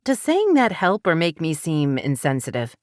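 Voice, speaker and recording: A woman's voice: sits low, huge pitch swings, normal speed, no room sound, clean studio sound. A woman voicing a friendly, chatty local woman.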